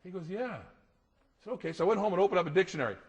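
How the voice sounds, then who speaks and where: A middle-aged man giving a lively talk to an audience, storytelling with laughter. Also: sits high, quick pace, highs cut off. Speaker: motivational speaker.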